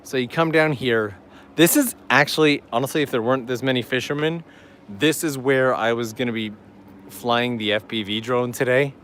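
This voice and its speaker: A man's voice: mid-range voice, moderate pace, a bit bright. Man, travel vlogger, chatty and eager, mid-range voice, walking outdoors, faint background noise. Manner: enthusiastic, chatty, reads viewer messages aloud. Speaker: travel vlogger hosting a live stream. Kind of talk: casual live-stream walking commentary. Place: outdoors on a seaside island path.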